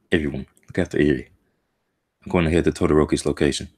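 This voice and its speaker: Super deep voiced guy streaming a reaction, emotional and slangy, muttering to himself. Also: fairly even intonation, quick pace, darkish tone, husky. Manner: emotional, slang-heavy, talks to himself while reading. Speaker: streamer reacting to a manga chapter. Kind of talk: casual live reaction commentary.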